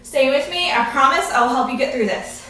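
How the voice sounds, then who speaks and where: A woman fitness instructor coaches a live workout in a high, brisk, bright voice with a forceful edge, encouraging everyone while out of breath as she exercises. A distant camera films her in a very echoey room.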